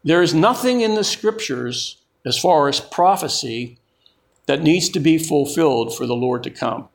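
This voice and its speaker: Slow, emphatic male preacher. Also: fairly high pitch, animated, vocal fry. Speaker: pastor. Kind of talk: sermon.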